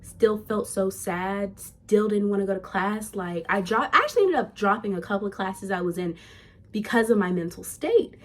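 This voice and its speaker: A woman's voice: medium pitch, expressive, moderate pace. A young woman, a nursing student, talking candidly and chattily to her viewers in a casual vlog. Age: young adult.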